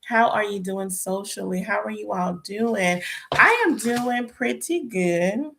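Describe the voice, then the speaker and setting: Speaking slowly in a creaky, medium-pitched voice over a noisy background, this young host chats casually on a livestream. She's chatty and prayerful, addresses viewers as "y'all," and sounds tired.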